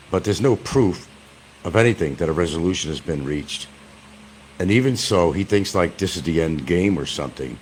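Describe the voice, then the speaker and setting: A stream host with a low, darkish voice offers casual, sarcastic commentary from an indoor room, with slight background noise. He taunts the person he's talking about, calling him "son."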